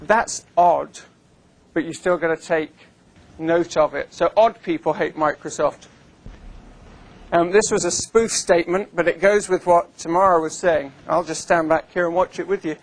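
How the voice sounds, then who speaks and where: A man speaks to a live audience in a somewhat high voice, in a relaxed, unscripted manner. His delivery is wry and chatty, with plenty of ums and uhs between thoughts. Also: normal speed. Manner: conversational and wry, with frequent fillers. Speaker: invited speaker. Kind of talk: conference presentation to a live audience. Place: conference room with an audience.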